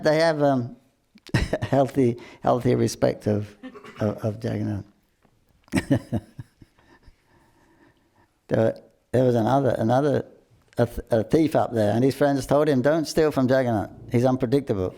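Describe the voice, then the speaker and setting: An older man shares devotional temple stories in a relaxed, casual talk. He halts and restarts often, clears his throat and chuckles along the way. His voice is gravelly and mellow, at an ordinary pitch. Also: unhurried, pauses often.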